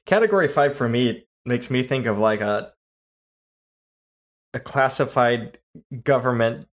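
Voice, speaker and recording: A man's voice: medium pitch, lively intonation, measured pace. A man hosting a casual movie podcast, talkative and laughing easily as he chats. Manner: talkative, laughs while talking. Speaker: podcast host.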